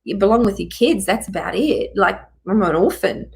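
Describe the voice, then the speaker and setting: A woman's voice: medium pitch, expressive, moderate pace, gravelly, rough recording. A middle-aged woman telling her own story as a guest, emphatic and repeating key phrases for force. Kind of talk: personal testimony in a live chat.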